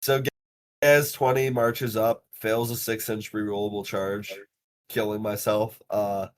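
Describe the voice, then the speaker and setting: A young man with a lowish voice tells tournament and bus stories in a loose, animated podcast chat, swearing freely and filling gaps with "like" and "uh". A faint rumble sits under the recording. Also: a little slow. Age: young adult. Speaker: podcast host. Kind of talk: casual podcast storytelling.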